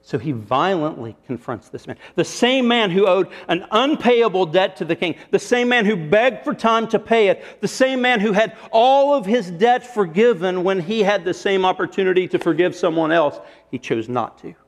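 A preacher delivers a sermon in a fairly high-pitched male voice. He tells a parable vividly, pausing for rhetorical questions and leaning on key words. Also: lively intonation. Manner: storytelling, rhetorical questions, varied emphasis. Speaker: pastor.

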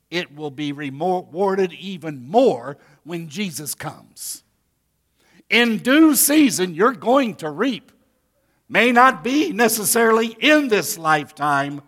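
A man's voice: high-pitched, a bit bright. A pastor preaching a sermon to his congregation, talking to them directly in a folksy way. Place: church sanctuary.

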